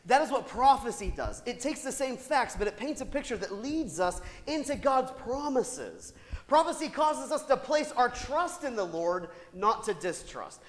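A long, trailing hall reverb follows each phrase as a male pastor delivers his sermon in a church sanctuary. Conversational and animated, he lets his pitch roam all over, throwing in rapid asides to the congregation, rhetorical touches, and laughter.

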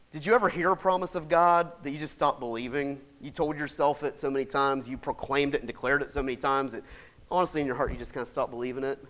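A man preaching a sermon in a folksy, chatty way, laughing often and swinging from shouts to soft asides. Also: mid-range voice, steady tone, brisk. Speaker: pastor.

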